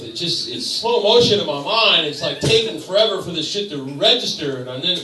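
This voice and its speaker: A man telling a crude story on stage as a stand-up comedian, swearing freely and breaking into loud outbursts, with audience laughter behind him. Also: fairly high pitch, moderate pace, over music. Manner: profane, animated storytelling with sudden loud outbursts. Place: bar stage. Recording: echoey bar room, voice from far off.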